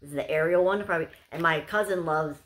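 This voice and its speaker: A woman's voice: low voice, quick pace. A young woman chatting casually to camera as she unboxes gifts, gushing and bubbly, with lots of "like"s. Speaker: unboxing vlogger.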